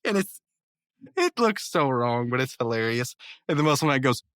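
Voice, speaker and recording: A man's voice: mid-range voice, big pitch swings, a bit bright, dry recording. Eager man recapping a cartoon, dry mic. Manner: enthusiastic retelling with quick character impressions; stammering restarts. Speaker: podcast host. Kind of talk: casual episode review.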